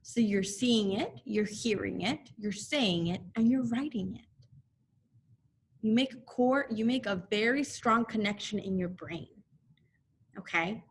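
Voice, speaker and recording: A woman teaching a recorded phonics lesson to second graders, repeating letter sounds slowly so the children can echo her, with frequent encouraging check-ins. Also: mid-range voice, slight background noise. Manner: encouraging, checks in often with "okay?".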